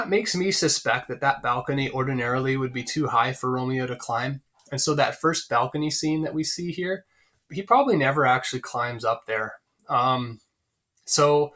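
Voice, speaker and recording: Male teacher, bright clear voice, casual lesson delivery with plenty of fillers. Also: mid-range voice. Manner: conversational, many fillers, pauses to find lines. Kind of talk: explaining a play to students, casual.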